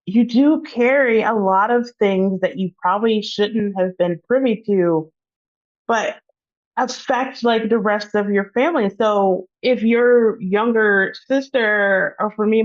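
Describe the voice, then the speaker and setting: A woman's voice: mid-range voice, dull audio. A woman co-hosting a podcast, reflecting on and affirming her guest's stories in casual chat. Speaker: podcast co-host.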